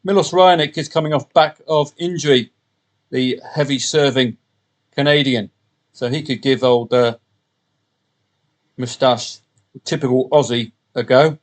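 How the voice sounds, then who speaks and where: A man hosting a solo podcast, talking through the day's matches in a casual, rambling way with jokey asides and quick self-corrections. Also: medium pitch. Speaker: podcast host and betting tipster.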